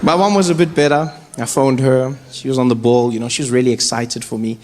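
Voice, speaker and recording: A man doing stand-up storytelling, animated and often laughing as he tells the story. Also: mid-range voice, fairly quick. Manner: animated, laughing, plays voices. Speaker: stand-up comedian. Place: comedy stage with live audience. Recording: live stage recording with background noise.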